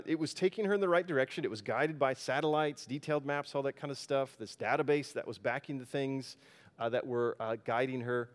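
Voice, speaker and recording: A pastor telling a personal story in a casual, folksy sermon, with frequent fillers. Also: male voice, medium pitch.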